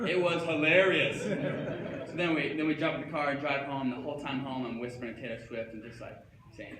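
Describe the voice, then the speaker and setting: A young man performs a comic stage monologue as a dopey, starstruck character, rambling and breaking into manic outbursts. His voice is a little high and fairly quick. The hall is echoey, with faint ambience and background noise.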